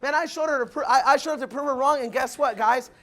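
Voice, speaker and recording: A young man giving an energetic motivational business talk to a crowd, calling them "guys" and acting out what people said. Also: extremely high pitch, fast talker. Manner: energetic, addresses the crowd as guys, acts out quotes. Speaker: motivational speaker.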